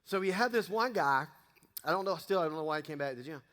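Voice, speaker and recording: A man's voice: fairly high pitch, lively intonation, fast, fairly bright tone. A middle-aged man, giving a casual sermon, folksy and joking with the congregation. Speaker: pastor. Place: church sanctuary. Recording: long reverb of a church hall.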